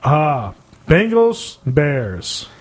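A man casually reading out football scores on a podcast, halting and offhand. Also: on the high side, sing-song, slightly rough. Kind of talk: casual chat.

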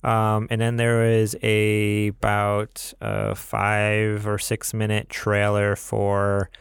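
A man's voice: fairly low pitch, monotone, slow, creaky, smooth, no room sound, studio quality. A young man co-hosting a podcast in casual chat, rambling with lots of fillers. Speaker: podcast co-host.

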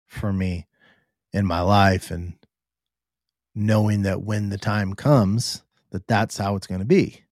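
A middle-aged man hosting a podcast, telling a personal story in an earnest, halting way with frequent restarts. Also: lowish voice, darkish tone, dry recording, clean studio sound. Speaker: podcast host.

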